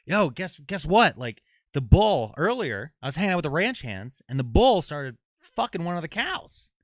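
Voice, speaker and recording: A man voicing an excited, foul-mouthed little boy in a bar joke, blurting out his news. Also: on the high side, moderate pace, no room sound, clean studio sound, pitched above the performer's own voice.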